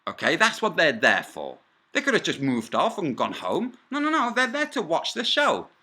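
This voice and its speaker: A man's voice: a little high, wildly swooping pitch, moderate pace, pushed and bright. A man telling an angry first-person story for a vlog, combative and profane, with rambling asides. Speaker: vlogger.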